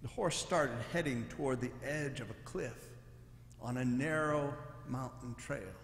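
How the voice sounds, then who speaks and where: A man's voice: medium pitch, slow pace, reverberant, big-room sound. A man, a church pastor, telling jokes to his congregation and acting out the punchlines. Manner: animated storyteller, acting out the punchlines. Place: church sanctuary.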